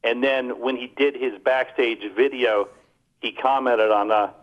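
Mocking comedian on a tinny line. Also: male voice, mid-range voice, measured pace. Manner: animated, mocking impressions in storytelling. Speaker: comedian podcast co-host. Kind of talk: casual chat.

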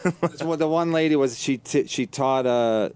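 A man's voice: mid-range voice, darkish tone, clear, resonant tone. A man hosting a podcast and trading blunt, swearing jokes in crude casual banter. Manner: blunt, swearing, quick jokey jabs. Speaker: podcast host and comedian.

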